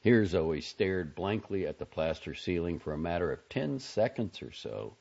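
Gravelly male audiobook narrator. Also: deep voice, big pitch swings, normal speed, a little mellow. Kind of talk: scripted narration. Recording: dull lo-fi audio.

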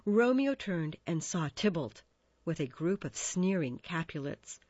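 Slow, expressive woman storyteller. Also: on the low side, slightly rough, no room sound. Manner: expressive, measured. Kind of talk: storybook narration. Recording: dull dry recording.

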